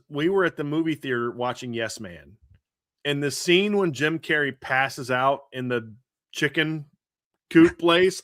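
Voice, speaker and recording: A man's voice: fairly high pitch, a bit bright, no echo, studio quality. A man in his thirties hosting a casual sports podcast, telling stories animatedly with lots of restarts and fillers. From grew up a Reds fan in the American Midwest. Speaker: podcast host.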